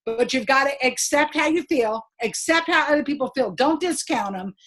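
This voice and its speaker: A middle-aged woman giving an upbeat, emphatic motivational training talk to her sales team, chatty and quick to laugh. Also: high voice, expressive, a bit bright. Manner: laughs between points.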